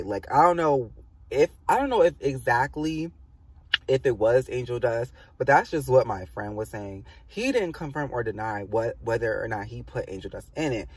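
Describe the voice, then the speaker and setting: A young man casually telling a storytime on his vlog, animated and swearing a lot, with many "like" fillers. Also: medium pitch, husky, far from the mic. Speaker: vlogger.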